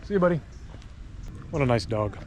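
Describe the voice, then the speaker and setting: A man narrates his walk outdoors in a loose, chatty way, thinking aloud as he goes. His voice sits at an ordinary middle pitch. Street noise and passing traffic come through clearly behind him. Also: lively intonation, a little fast, darkish tone. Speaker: travel vlogger. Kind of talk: casual walking vlog narration. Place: outdoors on city streets and hill paths.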